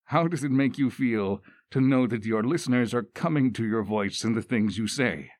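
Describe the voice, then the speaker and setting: A man interviewing a guest, asking scripted questions with wry, deadpan double-entendres. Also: mid-range voice, normal speed, dry recording.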